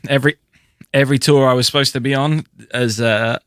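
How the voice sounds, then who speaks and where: Man, podcast co-host, measured, hesitant, dry close sound. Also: medium pitch, fairly even intonation, a bit bright, clean tone, no room sound. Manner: measured, many fillers. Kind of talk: casual chat.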